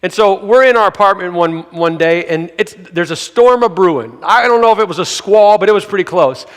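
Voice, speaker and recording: Man, pastor, sermon storytelling, high-pitched, long hall reverb. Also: a little fast, clear, resonant tone. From grew up in a city. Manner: animated, acts out quoted voices, shouts for emphasis. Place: church sanctuary.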